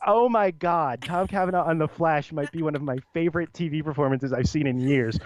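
Rambling excitable young man podcaster. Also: fairly high pitch, fast talker. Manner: animated, rambling, laughs often. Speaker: podcast co-host. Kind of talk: casual chat.

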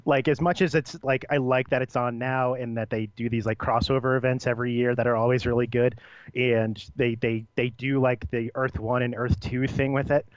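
A young man co-hosting a podcast in casual chat, rambling and animated, laughing often. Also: medium pitch, moderate pace, no echo, dull audio. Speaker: podcast co-host.

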